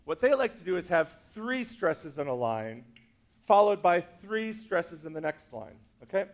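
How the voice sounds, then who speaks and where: A man's voice: high-pitched, very animated, a little slow, lo-fi sound. A man, a pastor, giving a casual teaching talk to a congregation, full of "like" and "right?" asides. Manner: chatty, many fillers like "like" and "right?".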